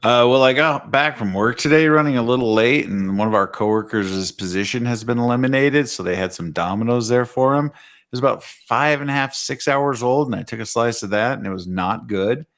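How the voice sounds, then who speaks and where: A man's voice: medium pitch, fairly quick, fairly bright tone. A man co-hosting a casual gaming podcast in a laid-back, easygoing way. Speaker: podcast co-host.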